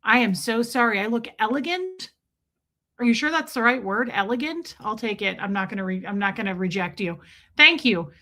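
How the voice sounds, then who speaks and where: Bright, chatty woman livestream host. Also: a little high, lively intonation, moderate pace. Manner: chatty, playful, reads viewer names aloud. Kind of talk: casual livestream chat greeting viewers. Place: countryside home.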